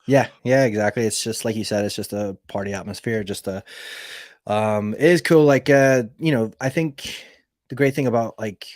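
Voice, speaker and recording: A man's voice: fairly low pitch, normal speed, darkish tone, no echo. Man, Northern Irish accent, casual rambling chat, dry close sound. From Northern Ireland. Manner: rambling, heavy use of "like" fillers. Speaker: podcast guest. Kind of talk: casual conversational storytelling.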